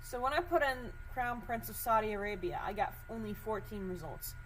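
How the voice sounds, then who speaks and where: A woman's voice: medium pitch, lively intonation, brisk, a little hiss or hum, rough recording. A woman podcast host in casual commentary, thinking aloud as she searches documents, curious and suspicious, with many fillers.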